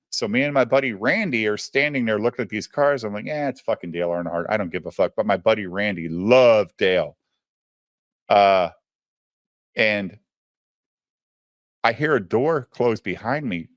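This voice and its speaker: A man tells a story in a loose, chatty way, swearing freely and turning to his listener as he talks. His voice sits fairly low. It is recorded close and dry, with no room sound. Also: dry recording. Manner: profane, animated, addresses the listener directly. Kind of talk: casual storytelling.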